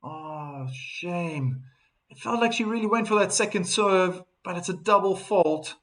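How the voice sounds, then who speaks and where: A man with a South African accent hosting a live tennis watchalong, chatting with viewers and breaking into excited calls on big points. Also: high voice, a little slow. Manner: chatty, reads viewer chat messages aloud between calls. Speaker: host and tennis commentator.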